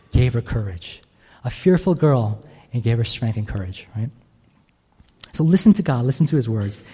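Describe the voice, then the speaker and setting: A man delivers a sermon in a relaxed, conversational way, often checking in with the congregation. His voice is mellow and a little husky. A long reverb trails behind him, as in a large church sanctuary. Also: a little high. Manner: conversational, frequent "right?" checks with listeners. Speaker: pastor.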